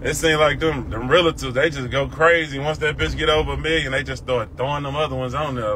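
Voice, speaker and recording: A man's voice: mid-range voice, fairly quick. A man, talking casually and profanely on a phone livestream while he walks outdoors. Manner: loose, profane, drawling, laughs often. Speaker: livestream host. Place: outdoors by a car and parking lot. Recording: phone audio with faint street noise.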